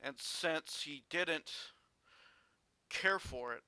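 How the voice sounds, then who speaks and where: A man vlogging a personal story in an earnest, halting way with frequent restarts. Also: on the high side, bright, forceful tone, no room sound.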